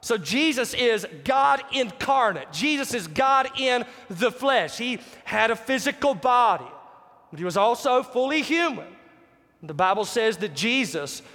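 Man preaching, very high voice, emphatic, long reverb, sermon. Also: bright, forceful tone. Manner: emphatic, repeats key phrases, asks the congregation questions.

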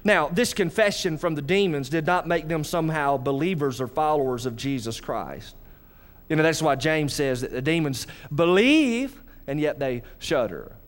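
Male preacher, sermon, fairly high voice, lively delivery, talks to the congregation. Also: moderate pace. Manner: animated preaching, addresses congregation directly. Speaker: pastor.

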